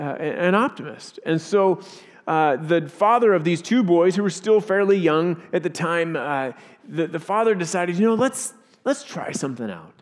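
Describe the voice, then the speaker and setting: High-voiced pastor guy giving a sermon, lively storyteller, big echoey church. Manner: animated storyteller, acts out voices. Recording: reverberant church hall.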